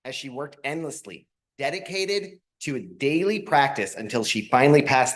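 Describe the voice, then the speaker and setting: A man's voice: medium pitch, big pitch swings, moderate pace. A man introducing graduates at a ceremony, with light joking asides between the formal parts. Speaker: program staff presenting graduates.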